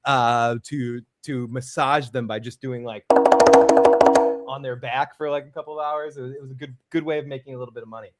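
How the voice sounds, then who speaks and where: A man's voice: mid-range voice, sing-song, normal speed, over loud music. A man hosting a call-in livestream after-show, chatting casually and mocking himself. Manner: chatty, self-mocking, frequent restarts. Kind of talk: casual chat with live chat readouts.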